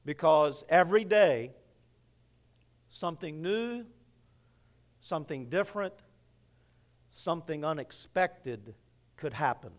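A male pastor preaching a sermon, telling a story in an animated, playful way. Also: fairly high pitch, slow pace, pauses often.

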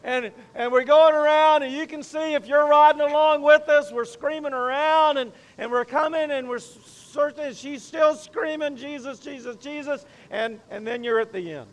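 A male pastor preaching a sermon, telling a story in an animated, playful way. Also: extremely high pitch, normal speed, hardly any pauses.

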